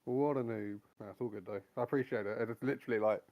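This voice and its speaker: A man's voice: lowish voice, quick pace, dull audio. A man chatting as a sim racing teammate, rambling and blunt, swearing freely. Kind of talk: casual chat.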